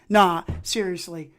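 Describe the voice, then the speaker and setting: A man hosting his own livestream, chatting and telling stories in a lively, talkative way. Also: high-pitched. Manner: energetic, chatty storyteller. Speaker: livestream host. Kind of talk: casual livestream chat.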